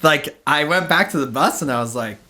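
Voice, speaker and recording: Bright-voiced man telling a rambling story. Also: on the high side, lively intonation, a little fast, a little hiss or hum. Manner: rambling, many fillers, acts out quotes. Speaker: podcast host. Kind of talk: casual storytelling chat.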